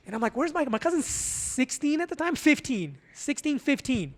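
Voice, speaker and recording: A man from Azerbaijan spins a long, crude story in casual conversation. His voice sits high for a man. He talks in an animated way, laughs often, and swears freely. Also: moderate pace, few pauses. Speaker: podcast guest, tattoo artist.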